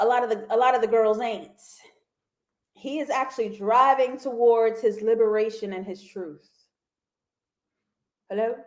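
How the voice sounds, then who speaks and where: A woman hosting a casual livestream TV review, animated and laughing often as she talks to her viewers. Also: high voice. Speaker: TV review host.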